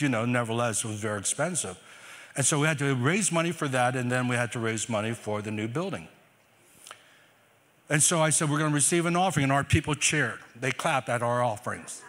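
Older male pastor, lively sermon delivery, sharp tone, reverberant church hall. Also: medium pitch. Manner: animated preacher, swings from loud exclamations to quiet asides.

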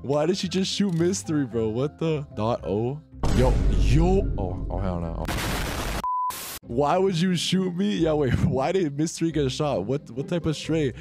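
A man, a gaming YouTuber, giving excitable, slangy play-by-play commentary while playing an online game. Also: a little high, normal speed, music in the background. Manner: excitable, slangy, keeps saying "bro". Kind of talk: casual gameplay commentary.

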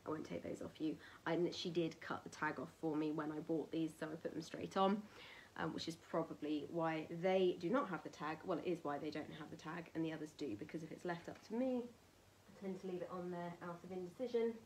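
A woman talks casually to camera, rambling with plenty of ums and dropping into soft whispers now and then. Her voice sits a little low. A faint background hiss runs under the recording. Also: fairly quick. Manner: chatty and rambling, with many ums, laughs and soft whispered asides. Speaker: vlogger showing a merchandise haul.

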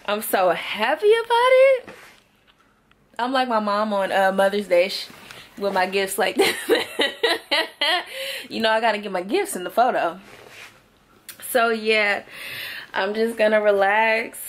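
A woman's voice: mid-range voice, measured pace, long pauses, a bit bright, slight background noise. A woman in her twenties talking at home to her vlog viewers, heartfelt and slangy, addressing them directly. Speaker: vlogger. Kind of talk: casual vlog talk to camera.

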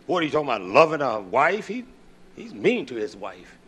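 A middle-aged male preacher giving a sermon, swinging from shouted preaching to low, muttered storytelling. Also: sing-song, brisk, husky.

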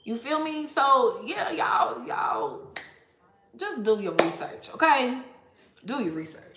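A woman's voice: fairly high pitch, big pitch swings, takes it slowly, roomy sound, background noise. A woman tarot reader talking casually to viewers, blunt and profane, laughing often. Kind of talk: casual tarot reading livestream rant.

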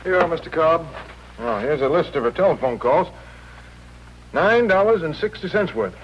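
Cynical hotel clerk, lively voice, dull old recording. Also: male voice, on the high side, normal speed, slightly rough. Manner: dismissive, wisecracking. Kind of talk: 1950s TV drama acting. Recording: dull 1950s TV audio with faint hiss.

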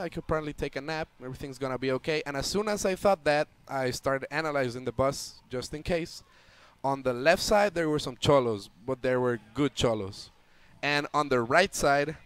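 A young man casually telling a story on a stream, loudly acting out the voices in it. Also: mid-range voice, clear, resonant tone. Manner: animated, acts out voices loudly. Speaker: guest storyteller.

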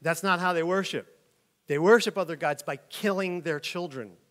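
A fairly high-voiced, middle-aged man leads a Bible lesson. He reads scripture aloud, then breaks into relaxed, chatty explanation with sudden loud emphatic jumps. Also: normal speed. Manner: conversational, animated, loud emphatic peaks. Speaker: Bible teacher. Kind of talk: casual Bible teaching, reading scripture aloud.

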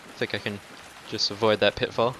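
A man doing casual let's-play commentary, cursing and taunting enemies, dropping to mutters and then breaking into loud outbursts. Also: on the low side, flat delivery, brisk, a little hiss or hum. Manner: profane, talks back to enemies, swings between mutters and outbursts. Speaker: gameplay commentator.

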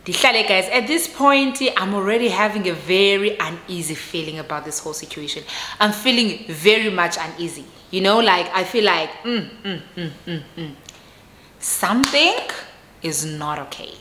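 Young South African woman, Xhosa-inflected accent, animated storytime vlogger; bright, edgy tone, roomy echo. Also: medium pitch, normal speed. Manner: animated, switching between English and Xhosa. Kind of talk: casual storytime. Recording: echoey room.

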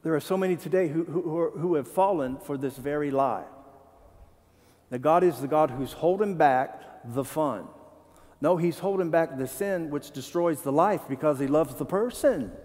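A man pastor preaching a sermon in a church, animated and joking, asking the congregation questions. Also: fairly high pitch, moderate pace, long reverb tail. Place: church sanctuary.

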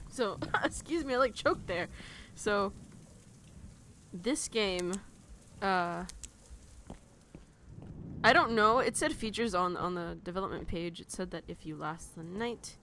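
A woman's voice: medium pitch, expressive, slow, long pauses, a bit bright. A young woman talks through a horror game she is playing, her voice jittery and full of nervous laughter. She swears when something startles her. A faint hiss runs under the recording. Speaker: let's play gamer.

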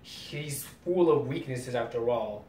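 A man reading the lines of a cool, stern male ninja mentor from a comic, flatly. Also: slow. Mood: curt. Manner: reads comic dialogue flatly. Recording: roomy distant mic, faint rumble.

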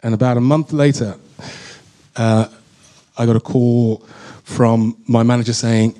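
A man telling a candid, emotional story as a guest at a live on-stage Q&A, full of halting restarts. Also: medium pitch, fairly even intonation, mellow. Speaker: guest actor. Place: stage in front of an audience.

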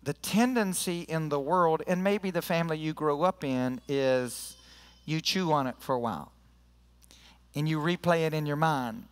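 A man's voice: on the high side, clear, resonant tone, big-room sound. A man preaching a sermon to his church in an earnest, conversational way, leading prayer and scripture reading. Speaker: pastor. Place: church sanctuary.

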